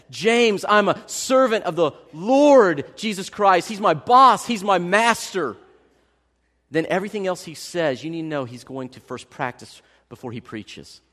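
Animated male preacher in a reverberant hall. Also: fairly high pitch. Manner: animated storytelling, swings from loud to hushed. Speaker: pastor. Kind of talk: sermon.

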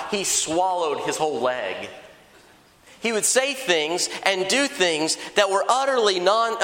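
A man preaching a sermon in a conversational, lively way, acting out little dialogues. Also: high-pitched. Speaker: pastor. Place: large church hall. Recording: echoey church hall.

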